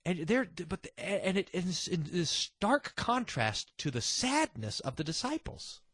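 Teaching a Bible passage conversationally, this man speaks in a husky, somewhat high and slightly bright voice at a measured pace. His pitch swoops wildly as he drops in delighted, chuckling asides, and the recording is close and dry with no echo.

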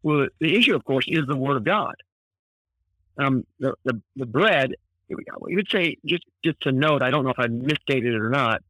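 Enthusiastic pastor explaining scripture. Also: male voice, medium pitch, lively intonation, normal speed, fairly bright tone, no echo, poor audio. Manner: enthusiastic, thoughtful, restarts sentences. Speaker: pastor, guest. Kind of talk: Bible teaching in conversation.

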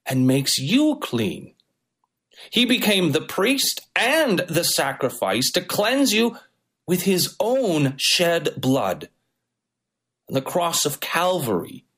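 A man preaching a sermon with a fairly high, very lively voice that rises and falls for emphasis. He delivers his message as a pastor, pressing each phrase home. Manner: preaching with varied, emphatic intonation.

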